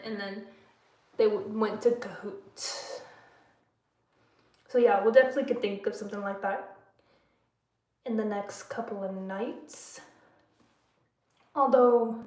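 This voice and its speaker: A woman's voice: a little high, warm tone. A young adult woman hosting a casual live stream, chatting with viewers, answering their comments and laughing often. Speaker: livestream host. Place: room at home, bedtime routine. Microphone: phone livestream. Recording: echoey room.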